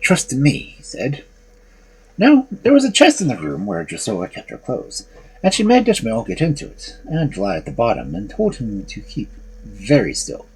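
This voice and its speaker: A male storyteller reads a fairy tale aloud at an unhurried pace. His voice is dark and husky, and his pitch rises and falls a great deal. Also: wildly swooping pitch, poor audio.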